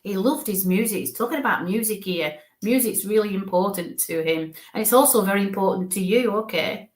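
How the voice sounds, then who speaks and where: Woman, psychic medium, affectionate, chatty, mid pitch, echoey room. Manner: warm, affectionate, talks in quick asides. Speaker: psychic medium giving live readings. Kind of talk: live-streamed reading, chatty and reassuring.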